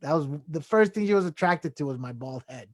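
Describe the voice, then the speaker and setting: Speaking fairly quickly in a slightly high, expressive voice, this male podcast guest is captured in a dry, studio-quality recording. His self-help advice is earnest but relaxed, peppered with "you know" and "right?" and little chuckles between points.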